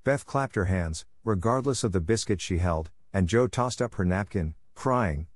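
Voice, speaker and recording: A man narrating a classic novel in a measured, expressive reading. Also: sits low, no room sound, studio quality.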